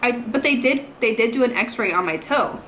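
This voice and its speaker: A woman's voice: fairly high pitch, lively intonation, normal speed, fairly bright tone, a little hiss or hum. Chatty young woman telling a story. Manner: chatty, rambling, heavy use of "like" and "you know". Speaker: vlogger. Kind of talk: casual storytime vlog.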